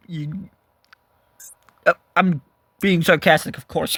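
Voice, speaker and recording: A man with a notably high-pitched voice talks his way through a card game in loose, casual commentary. He rambles, swears freely and keeps cutting himself off to restart his sentences. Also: slow, long pauses, fairly bright tone. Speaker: gaming video creator.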